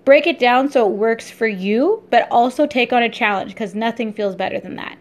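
A young woman vlogger and entrepreneur talking casually in a daily vlog, upbeat, chatty and easily excited. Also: a little high, moderate pace.

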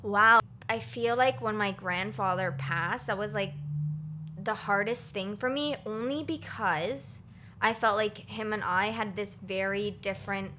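Bright-voiced woman in casual chat. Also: medium pitch, a little slow, slight background noise. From Toronto area, Canada. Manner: chatty, emotional storytelling with many "like"s.

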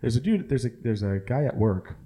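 A man's voice: mid-range voice, animated, brisk, dark tone. A young man co-hosting a podcast, chatting casually, profane and rambling with lots of filler words. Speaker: podcast co-host. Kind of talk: casual chat.

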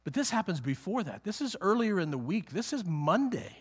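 A man teaching a conversational Bible sermon, animated and emphatic, acting out the quotes as he goes. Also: sits high, fairly quick, breathy edge. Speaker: preacher.

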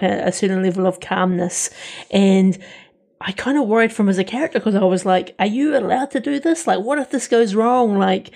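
A woman's voice: mid-range voice, vocal fry, darkish tone. A woman co-hosting a casual film review podcast, talking in a musing way with many "like" fillers.

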